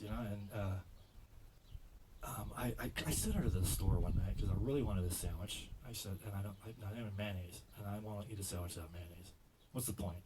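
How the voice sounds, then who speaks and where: A man doing a stand-up routine, rambling and stammering as he tells stories, jumping into loud quoted voices. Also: fairly low pitch, fairly quick, a little hiss or hum, low-quality recording. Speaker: stand-up comedian.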